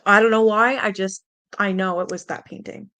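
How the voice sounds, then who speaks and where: A mid-range, sharp-toned female voice, steady and at normal speed, on a dry recording. The young adult streamer rambles through a personal ghost story, casual and full of fillers with mild swearing, her tone earnest and spooked.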